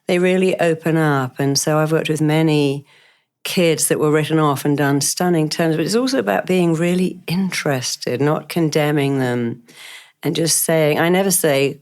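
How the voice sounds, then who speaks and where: A woman guest, a therapist, telling animated stories from her work in an interview. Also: deep voice, moderate pace. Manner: animated, emphatic, quotes herself. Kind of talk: interview storytelling.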